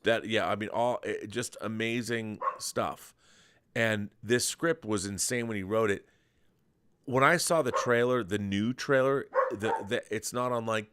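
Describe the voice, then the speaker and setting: This middle-aged man's fairly low voice moves a little slowly, with background noise behind it. Hosting a podcast, he rambles casually and eagerly about films, restarting his sentences.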